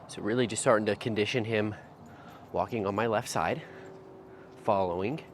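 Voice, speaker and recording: Low-voiced man teaching dog training outdoors. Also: moderate pace, a little hiss or hum. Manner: explains step by step, breaks into high sing-song praise for the dog. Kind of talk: instructional talk while training a dog.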